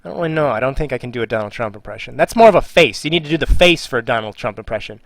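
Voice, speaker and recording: A mid-range, animated male voice races along very fast in a dry recording. It's relaxed live-stream talk: he reads viewers' questions aloud, answers jokingly, and trails off into muttering while busy with his work.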